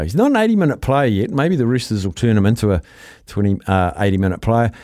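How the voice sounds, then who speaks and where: A man hosting a casual radio show, reading out listener texts with brisk, jokey asides. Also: medium pitch, darkish tone, no echo, clean studio sound. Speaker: radio host.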